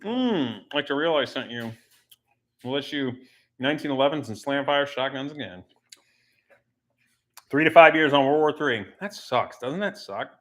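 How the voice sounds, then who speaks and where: A man's voice: medium pitch, lively intonation, moderate pace, pauses often. A man hosting a casual livestream from his home garage, rambling and joking while he works and reads the chat aloud. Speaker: livestream host.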